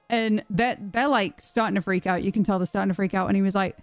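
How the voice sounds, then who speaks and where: A young British woman streaming, telling a story to her chat in a chatty, animated way with plenty of restarts. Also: on the high side, fairly quick, few pauses, clean tone, no room sound, faint music behind. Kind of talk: casual storytelling to a live chat.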